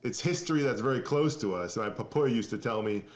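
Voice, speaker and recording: A man's voice: medium pitch, a little fast, reverberant. A man from Maine, a company founder being interviewed, talking earnestly in a rambling way with many restarts. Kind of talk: casual podcast interview.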